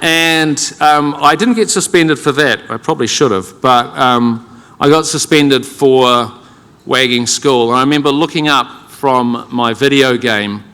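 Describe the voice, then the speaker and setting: A man's voice: mid-range voice, a little slow, pushed and bright, clean tone. A middle-aged man with a New Zealand accent telling a self-deprecating story as a keynote speaker, wry and conversational. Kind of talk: humorous personal storytelling. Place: large conference hall with audience. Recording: long hall reverb.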